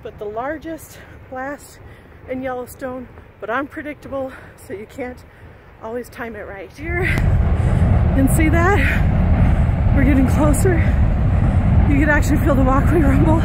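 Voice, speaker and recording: A woman's voice: high voice, unhurried. A woman from Arizona narrating her RV travel vlog in a casual, enthusiastic, chatty way, talking straight to her viewers. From Arizona, USA. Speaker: RV travel vlogger. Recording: loud vehicle and outdoor noise behind voice.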